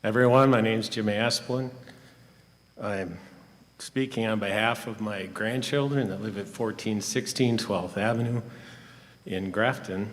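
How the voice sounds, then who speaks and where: An older man giving plain, measured public comment at a school board meeting. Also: fairly low pitch. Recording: reverberant meeting hall.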